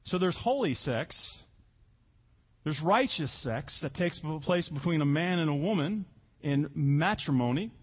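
A man preaching a sermon as pastor, earnest, stressing key words slowly and repeating himself for emphasis. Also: a little high, expressive, husky, lo-fi sound.

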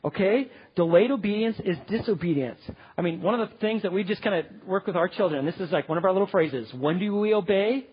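A man teaching parenting in sermon style, animated, often checking in with "okay?". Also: sits high, fast talker, slightly rough. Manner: animated, acts out parents and kids, keeps asking "okay?". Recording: dull, lo-fi hall with long reverb.

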